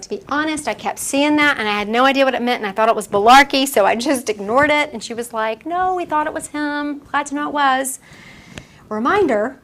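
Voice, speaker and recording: A woman's voice: sits high, a bit bright. Chatty woman medium lecturing. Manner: chatty, acts out quoted dialogue, laughs often. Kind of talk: casual lecture to a live audience. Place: room with a small audience.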